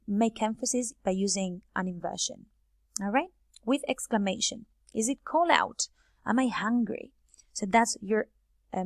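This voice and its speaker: A woman's voice: fairly high pitch, no room sound, clean studio sound. A woman teaching English grammar, explaining step by step and reading example sentences aloud from a board. Her first language is Spanish. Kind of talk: grammar lesson.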